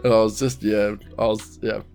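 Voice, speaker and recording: A man's voice: on the low side, moderate pace, gravelly, soft background music. A man, co-hosting a podcast and telling a story with lots of swearing and laughter. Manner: animated storyteller, swears a lot, laughs often. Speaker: podcast co-host. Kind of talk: casual chat.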